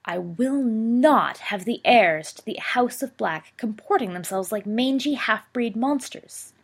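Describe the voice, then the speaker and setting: A woman voicing a stern aristocratic father who speaks in a cold, quiet, menacing way. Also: a little high, animated, unhurried, gravelly, breathy edge, pitched above the performer's own voice, heavily acted. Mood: cold fury.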